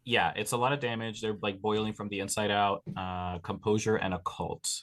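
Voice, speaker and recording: A man playing in a tabletop role-playing game, talking through his character's moves with many pauses and fillers. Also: lowish voice, fairly even intonation, a bit bright. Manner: hesitant, many fillers and restarts while planning moves. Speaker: player.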